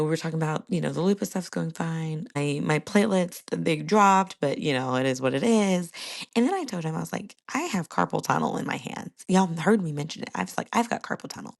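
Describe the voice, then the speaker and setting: A woman's voice: deep voice, creaky. A young woman hosting a casual solo podcast, chatting to listeners and laughing often. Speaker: podcast host.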